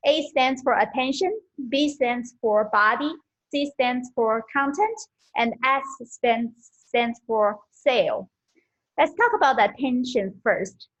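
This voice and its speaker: A woman giving a friendly, halting speech evaluation at an online club meeting, with many fillers, over a video call. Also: a little high, lively intonation, fairly bright tone. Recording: dull lo-fi video call audio.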